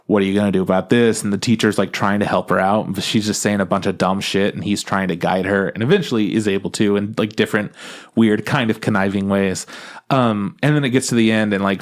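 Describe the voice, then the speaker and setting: A man co-hosting a podcast in casual chat, animated and laughing often as he retells scenes. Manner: animated, acts out characters in high voices, laughs often. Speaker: podcast co-host.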